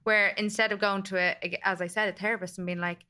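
A woman's voice: medium pitch, little pitch movement, fast, bright, forceful tone. A woman hosting a podcast in casual chat, frank and emphatic, swearing casually. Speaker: podcast host.

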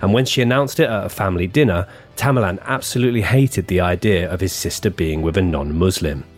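A man's voice: low voice, fairly quick, soft background music. A man co-hosting a true-crime podcast, reading his script with offhand asides and banter. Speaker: podcast co-host.

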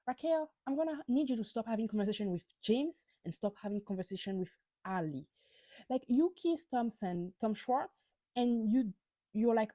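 Animated woman ranting about reality TV. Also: medium pitch, moderate pace, no echo. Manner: animated, ranting gossip with frequent swearing; stumbles and repeats words when worked up. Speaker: podcast host. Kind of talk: reality TV recap monologue.

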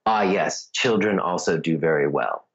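A quiet old swami, voiced by a man telling the story, speaks in a low, steady register and wastes no words. He sounds gently unimpressed, like a teacher who has seen it all. The sound is a touch muffled. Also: moderate pace, slightly rough. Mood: calm. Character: calm, terse old Indian swami yoga teacher.

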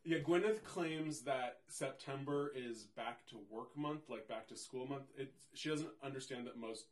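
A man's voice: medium pitch, a little slow. A young adult man co-hosting a podcast in a casual chat, with a dry, wry manner, often laughing. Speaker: podcast co-host.

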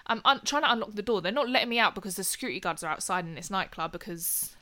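Bright-voiced young woman storyteller. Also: medium pitch, animated, racing. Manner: swears freely, laughs through the story. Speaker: podcast co-host telling a story. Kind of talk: casual chat.

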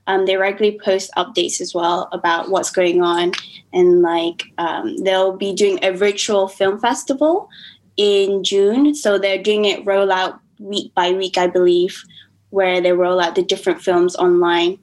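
A woman's voice: medium pitch, fairly even intonation, a little slow, a little hiss or hum, rough recording. A woman in her twenties with a slight American accent, a student chatting as a podcast guest, often quoting herself and laughing easily. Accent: American-tinged. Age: 20s. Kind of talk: casual conversation.

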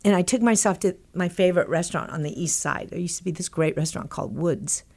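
A middle-aged woman from Texas, a guest telling a long anecdote in animated bursts, quoting people as she goes. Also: fairly low pitch, fast, creaky. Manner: animated, breathless anecdote-telling with quoted dialogue. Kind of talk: conversational storytelling.

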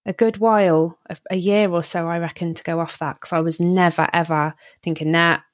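A woman hosting a podcast, asking relaxed, teasing questions. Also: fairly low pitch, a little fast, dry recording, studio quality. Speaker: podcast host. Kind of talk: casual interview.

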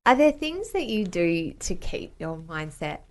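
Aussie woman host, lower voice, asks thoughtful questions and backs her guest up. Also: sing-song, a little slow. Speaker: interviewer. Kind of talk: casual interview chat.

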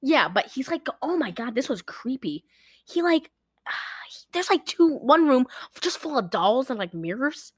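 A woman's voice: sits high, unhurried, slightly rough, no echo. Young woman rambling through a film recap. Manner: rambling, animated retelling with acted-out quotes. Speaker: podcast co-host recapping a film. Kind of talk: casual chat.

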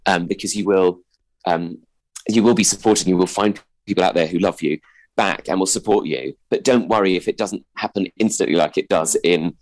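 Brief: thirties male comedian, posh voice, lowish pitch, halting and self-correcting. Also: rough recording. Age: 30s. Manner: hesitant, many restarts and fillers; posh-sounding voice. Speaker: guest; stand-up comedian. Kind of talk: radio interview chat.

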